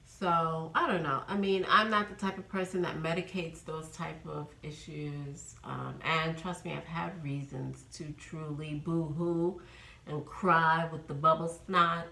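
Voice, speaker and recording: A woman's voice: low voice, steady tone, measured pace, gravelly, bright, forceful tone, echoey room, poor audio. A woman in her fifties from New York, chatting casually in a rambling vlog update with many ums. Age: 50s. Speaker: vlogger.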